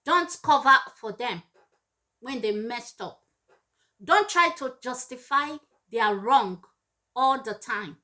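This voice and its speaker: A woman's voice: on the high side, expressive, slow pace, sharp tone. A woman giving parenting advice straight to camera, earnest and emphatic, repeating her points for weight. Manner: acts out scolding parents in raised voices. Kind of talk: direct-to-camera advice talk.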